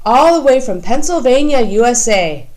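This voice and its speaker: Woman doing a gentle old Puerto Rican uncle. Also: on the high side, very animated, normal speed, pitched above the performer's own voice. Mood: warm. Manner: gentle and reassuring, mixes Spanish into English. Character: older man, kindly Puerto Rican great-uncle with a bad hip. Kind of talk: audiobook character voice.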